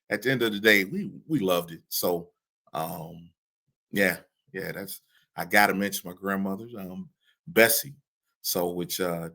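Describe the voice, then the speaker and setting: A man in his forties talking casually as a podcast guest, halting, with many fillers and restarts, often trailing off into a soft mumble. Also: on the low side. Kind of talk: casual interview talk.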